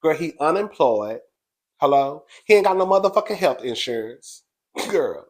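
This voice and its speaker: His voice is a little high and sing-song, moving at a moderate pace. He's hosting a reality show recap, dishing gossip in a sassy, foul-mouthed, brash way and laughing often.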